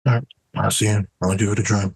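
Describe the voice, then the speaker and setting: A man's voice: fairly low pitch, steady tone, fast, vocal fry, slightly rough, no echo, low-quality recording. A man playing a tabletop role-playing game, stating his character's plans in a matter-of-fact way. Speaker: player. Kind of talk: casual tabletop play.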